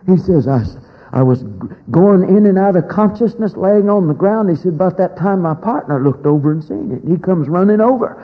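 A man preaching, telling a folksy story in a sermon, swinging between loud declarations and hushed lines. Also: sits high, expressive, fairly quick, dull audio.

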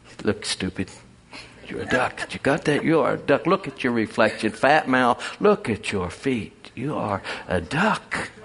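A man's voice: mid-range voice, animated, normal speed, a bit bright, slightly rough. A man preaching voices a blunt duck from a flock who insists the chick is a duck. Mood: teasing.

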